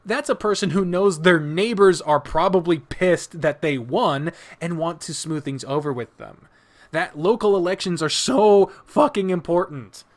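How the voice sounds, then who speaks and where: A man's voice: fairly high pitch, fairly bright tone. A man co-hosting a casual podcast, talking in an emphatic, profane ranting way. He sounds tired. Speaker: podcast co-host.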